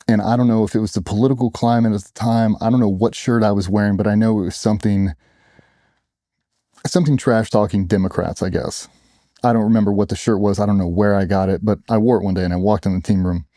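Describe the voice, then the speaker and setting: A middle-aged man with a very dark, mellow voice tells blunt war stories and acts out the quotes. His speech is a little low in pitch and sounds close and dry, with no room around it. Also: steady tone, fast, no room sound. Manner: blunt, profane storytelling with acted-out quotes. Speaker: guest, former special operations sailor. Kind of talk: storytelling in a casual interview.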